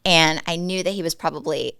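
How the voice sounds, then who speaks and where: A woman in her forties from Dallas, Texas co-hosts a podcast, telling stories in casual, chatty fashion with quick laughs and animated quoting of what people said. Her low voice is gravelly yet smooth, with no room sound.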